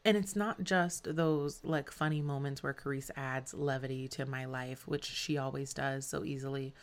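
Low-voiced woman hosting a podcast. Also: fairly even intonation, moderate pace. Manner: warm, candid, casual with swearing and fillers. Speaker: podcast host. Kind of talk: scripted podcast narration.

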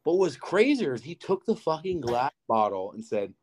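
With a fairly high-pitched voice at normal speed, this young man co-hosts a podcast and spins an animated, swear-filled yarn full of "like." A little hiss or hum sits under the recording.

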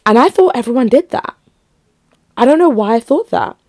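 A woman's voice: a little high, animated, moderate pace, a little mellow, no echo, studio quality. A young woman chatting casually on her own to her listeners, rambling and giggly. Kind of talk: casual solo chat to listeners.

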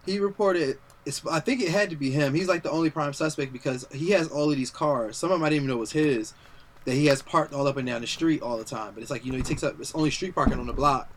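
A man with a slightly higher voice tells a story in a rush of slang and curses, animated and worked up. Faint room ambience sits behind him. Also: fast, a little hiss or hum. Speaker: podcast co-host. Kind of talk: casual podcast chat.

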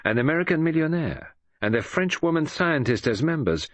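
A man voicing a precise, fussy older detective for an audiobook, lecturing in a quiet, slightly husky tone. His pitch moves freely from phrase to phrase, and the recording is dry and close. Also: lively intonation, brisk, dry recording. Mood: earnest. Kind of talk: audiobook character reading.

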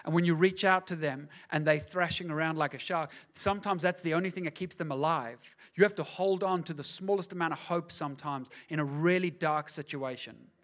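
Male pastor, high voice, emphatic sermon delivery with repeated questions. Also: a little fast, few pauses, fairly bright tone.

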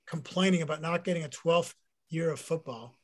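A middle-aged man, a former pro football player, telling a personal faith story in an interview with earnest, animated delivery. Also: a little high, normal speed. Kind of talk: personal faith testimony in conversation.

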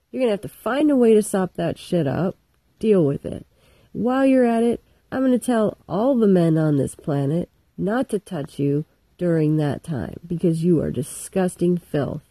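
A woman voicing an angry male God who scolds and curses crudely, loud and ranting. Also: fairly low pitch, breathy edge, no echo, exaggerated voice.

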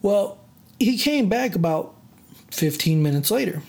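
Casual vlogger with a mid-range voice, animated and dramatic, full of fillers. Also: medium pitch, a little slow, vocal fry. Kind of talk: casual storytelling rant.

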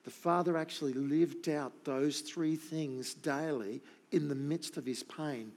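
A man's voice: fairly high pitch, unhurried, a little mellow. A middle-aged man preaching a sermon, emphatic and repeating his key points. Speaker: pastor.

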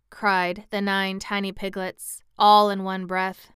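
A woman narrating a children's story aloud in a measured, clear storytelling manner. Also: mid-range voice, monotone, fairly bright tone, dry recording, clean studio sound. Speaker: audiobook narrator. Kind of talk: scripted narration.

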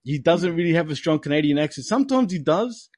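A man's voice: fairly high pitch, expressive, fast, a little mellow, no echo, studio quality. A man hosting a podcast, chatting casually, swearing, laughing often and calling his friend bro. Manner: profane, laughs often, says bro a lot. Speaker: podcast host. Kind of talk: casual chat.

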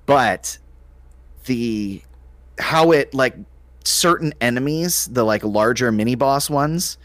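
A man co-hosting a casual gaming podcast, rambling through a game review with lots of halting restarts. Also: medium pitch, expressive, fairly bright tone, dry recording. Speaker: podcast co-host.

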